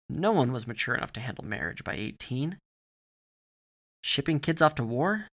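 A man reading a story aloud in a steady, grave narrating manner. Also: mid-range voice.

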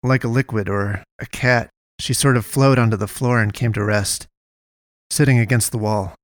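A man narrating a first-person story aloud in a steady, measured way. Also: lowish voice, no room sound, clean studio sound.

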